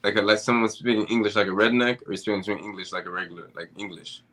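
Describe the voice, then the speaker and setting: A man from Haiti with a very deep, low-pitched voice that still sounds bright and forceful. He explains things patiently and walks through examples in a relaxed podcast conversation. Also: fast. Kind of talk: casual podcast chat.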